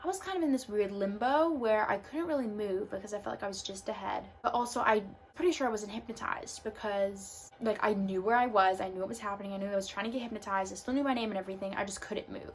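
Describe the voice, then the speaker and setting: Young woman, casual storytime vlog, chatty with many fillers, faint noise behind. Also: mid-range voice. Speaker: vlogger.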